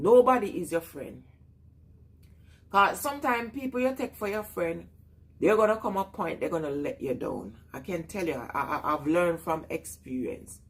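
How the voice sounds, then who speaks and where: A woman's voice: fairly low pitch, husky. A woman with a Jamaican accent chatting casually on a live stream, greeting viewers and laughing often.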